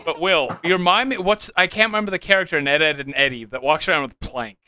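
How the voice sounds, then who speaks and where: A man hosting a casual podcast chat, upbeat and quick to laugh. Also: fairly high pitch, bright, forceful tone, smooth, no room sound. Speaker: podcast host.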